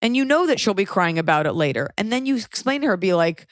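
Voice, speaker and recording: Blunt, animated woman giving advice. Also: medium pitch, fast, few pauses, no echo, clean studio sound. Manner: blunt, swears, animated quoting. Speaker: podcast host. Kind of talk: casual advice chat.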